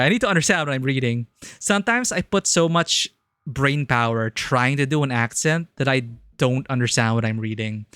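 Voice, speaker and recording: A man's voice: mid-range voice, a bit bright, smooth, no echo. A man streaming a video game, chatting casually and enthusiastically, rambling with lots of "like". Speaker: streamer, filmmaker. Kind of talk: casual live game commentary.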